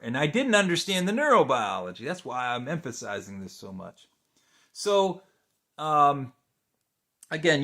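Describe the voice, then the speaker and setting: A middle-aged man, a therapist, teaching in a relaxed, conversational way with many fillers and restarts and frequent rhetorical questions. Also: fairly high pitch. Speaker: therapist teaching a video course. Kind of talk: unscripted teaching talk to camera.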